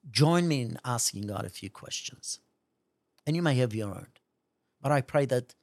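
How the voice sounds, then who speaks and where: Slow, lively-pitched fervent preacher. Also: no room sound, clean studio sound. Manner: fervent, speaks at length in God's voice. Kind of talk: sermon.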